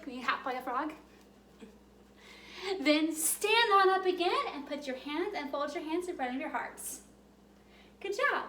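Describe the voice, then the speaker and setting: A woman with a high, bright-pitched voice leads a children's yoga storytime. She talks in a cheerful, sing-song way as she walks small kids through each move. Her voice rings out in a roomy, echoey space. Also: a little hiss or hum.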